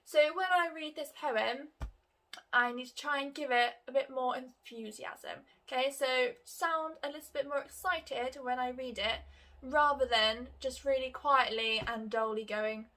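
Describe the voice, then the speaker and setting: A woman's voice: sits high, unhurried, bright, forceful tone. A woman teaching a recorded lesson to young children, upbeat and encouraging, in simple words. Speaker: primary school teacher.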